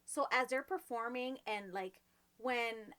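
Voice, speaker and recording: High bright-voiced woman co-host. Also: takes it slowly, clear, resonant tone. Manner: laughs often, animated storytelling. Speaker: podcast co-host. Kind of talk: casual chat.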